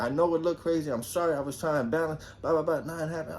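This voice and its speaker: A young man from New Jersey telling a personal story in a casual, animated way, swearing freely and acting out quotes in a raised voice. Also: a little high, fast talker, few pauses.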